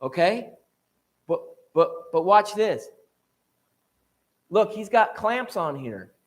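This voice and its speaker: A man giving an evening church talk, lively and conversational, often restarting and checking in with questions to the room. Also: high-pitched, slow. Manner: animated, repeats and restarts, asks the room questions. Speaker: preacher.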